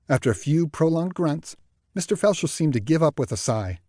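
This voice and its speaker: A man narrating an audiobook in the first person with expressive storytelling. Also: fairly high pitch, normal speed, dry recording, studio quality.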